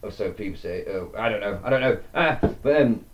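A man's voice: on the low side, expressive, brisk, lo-fi sound, a little hiss or hum. Rambling, sweary male podcast host. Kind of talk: casual chat.

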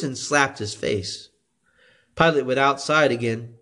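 A man reading scripture aloud in a slow, expressive way. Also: on the high side. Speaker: scripture reader.

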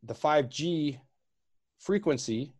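A man's voice: a little high, expressive, slow, a little mellow, slightly rough. Man hosting a loose online chat. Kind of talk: casual online discussion.

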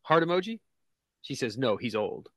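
A man co-hosting a casual comedy podcast, reading memes aloud in a deadpan way and laughing at his own jokes. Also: medium pitch, normal speed, dry recording. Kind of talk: casual chat. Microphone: video call.

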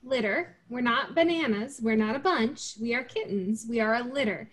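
A woman's voice: on the high side, normal speed. A woman bantering in comedic dialogue, teasing and wisecracking.

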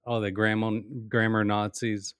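A man hosting a casual podcast interview, friendly and often pausing to search for words. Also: on the low side, level tone, fairly bright tone, clean tone, dry recording. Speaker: podcast host.

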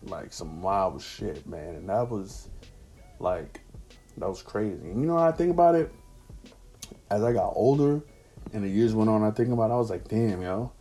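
A man's voice: on the low side, animated, moderate pace, pauses often, dark tone, slightly rough, soft background music. A man casually telling a personal anecdote in slangy, profane street talk. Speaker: storyteller.

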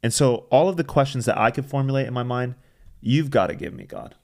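A man's voice: mid-range voice, lively intonation, fairly quick, creaky, darkish tone. A man, a pastor, talking through his faith in a casual, reflective chat, rambling with restarts and fillers.

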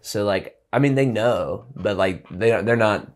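Man, lowish voice, musician guest, relaxed chat, rambling, lots of restarts and fillers. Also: unhurried. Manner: loose and rambling, full of "like" and restarts. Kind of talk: casual interview chat.

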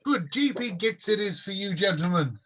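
A man's voice: high voice, animated, moderate pace, bright, forceful tone, voice pushed up, exaggerated voice. A man voicing a courteous, prim male elf shopkeeper who greets customers in a formal, sing-song way. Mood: cheery.

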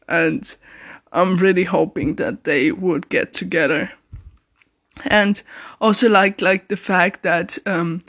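A man with a high voice talks through a drama review in a relaxed, unscripted way. His pitch stays fairly level, and he circles around his points with earnest hedges and restarts. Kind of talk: casual spoken review.

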